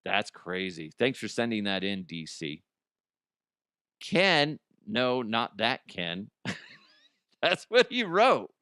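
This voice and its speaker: A man's voice: lowish voice, slow pace, long pauses, no room sound, clean studio sound. A man hosting a comedy podcast, reading out listener ghost stories and riffing on them with frequent laughter and swearing. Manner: excitable, laughs often, swears freely. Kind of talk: comic commentary on listener stories.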